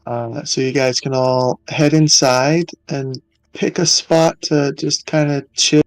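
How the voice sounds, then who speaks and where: A man's voice: medium pitch, fairly even intonation, slow, dry recording. A man running an online tabletop game as game master, speaking hesitantly with many fillers.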